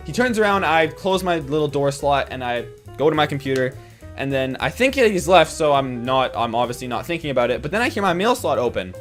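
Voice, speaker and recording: A man telling a story over gameplay in casual commentary, excitable, swearing freely and acting out the quotes. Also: high voice.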